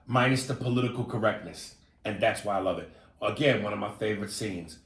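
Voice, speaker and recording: A man co-hosting a podcast in casual chat, a few drinks in, animated and swinging between low mumbles and excited outbursts. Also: brisk. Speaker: podcast co-host. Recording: roomy echo.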